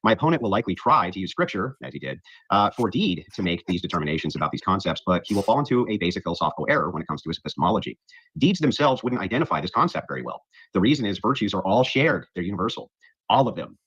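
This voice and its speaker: Rapid-fire husky debater on lo-fi audio. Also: male voice, deep voice, very animated, a bit bright, no room sound. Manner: combative, dismissive of his opponent. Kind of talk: debate opening statement. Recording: dull lo-fi clip audio.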